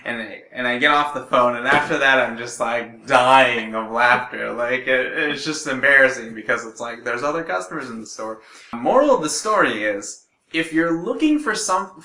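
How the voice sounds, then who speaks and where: Young man, casual storytelling, chatty with fillers, bright tone, echoey room. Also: medium pitch. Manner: chatty, lots of "like" and restarts. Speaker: gun shop employee telling a work story.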